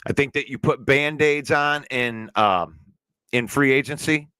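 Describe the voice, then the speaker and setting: This sports show host fields chat on a casual talk stream, arguing pointedly and occasionally slowing to hammer a point. His voice is mid-pitched, sharp and smooth, captured in a dry, close recording.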